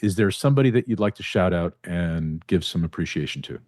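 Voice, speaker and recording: A man hosting a podcast, reacting with affirming comments and closing with a measured, reflective scripted summary. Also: deep voice, lively intonation, a little mellow, no echo, clean studio sound. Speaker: podcast host. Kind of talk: conversational interview, then scripted reflective outro.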